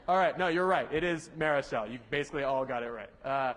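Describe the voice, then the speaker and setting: A man's voice: on the high side, fairly even intonation, fairly quick, hardly any pauses, a bit bright. A young man lecturing a university class in a lecture hall, talking casually, correcting himself often and joking with the students. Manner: casual, rambling, self-correcting with many fillers.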